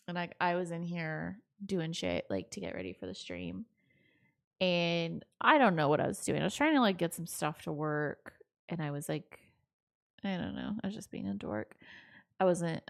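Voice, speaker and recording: A woman's voice: sits low, big pitch swings, normal speed, vocal fry. A young adult woman streaming and reacting to videos in rambling, giggly casual chat. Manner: giggly, rambling, goofy, many "like" fillers.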